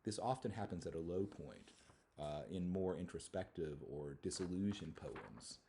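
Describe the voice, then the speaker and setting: A male university lecturer giving a thoughtful academic talk on poetry, often pausing and restarting his phrases. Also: low-pitched, expressive, creaky, background noise. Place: lecture hall.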